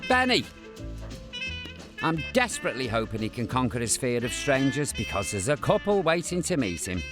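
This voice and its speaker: A man's voice: medium pitch, very animated, brisk, over music. An older man presenting and narrating, joking and cooing at dogs in a camp manner. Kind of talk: documentary narration and chat.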